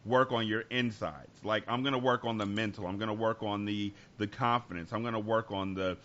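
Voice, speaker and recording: A man's voice: fairly low pitch, fairly even intonation, a little fast, fairly bright tone, muffled recording. A man co-hosting a podcast, talking candidly and reflectively, often restarting his sentences. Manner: earnest, reflective, with many restarts. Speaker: podcast co-host. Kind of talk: candid conversational talk.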